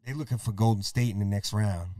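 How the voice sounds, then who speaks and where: Male podcast host, excitable play-by-play caller, dry close voice. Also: lowish voice, no echo. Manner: rapid game calling, profane, excitable. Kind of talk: casual play-by-play over a game.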